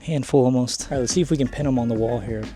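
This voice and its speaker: A man hosting a fishing vlog outdoors on a muddy shoreline, talking to the camera in an excited, chatty way, hot and a bit winded. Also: mid-range voice, rapid-fire, soft background music. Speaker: fishing channel host. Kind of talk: casual outdoor vlog narration.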